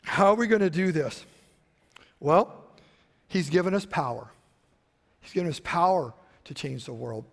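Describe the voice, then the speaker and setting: A middle-aged man preaching a sermon, telling stories and switching between loud emphasis and quiet asides. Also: a little high, expressive, a little slow, vocal fry, pauses often. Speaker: pastor. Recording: long hall reverb.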